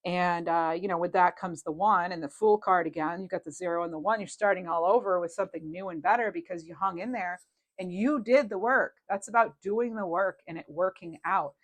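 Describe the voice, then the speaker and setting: A woman's voice: lowish voice, brisk. A woman reading tarot cards in a casual, rambling and reassuring way, with many fillers. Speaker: tarot reader.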